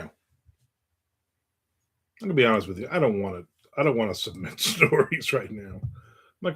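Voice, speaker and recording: A man's voice: mid-range voice, lively intonation, a little fast, long pauses, a bit bright, breathy edge. A man who writes books, hosting his own stream in casual talk, telling stories and reacting to viewer comments. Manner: rambling, anecdotal, reads viewer comments aloud. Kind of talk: casual chat and storytelling.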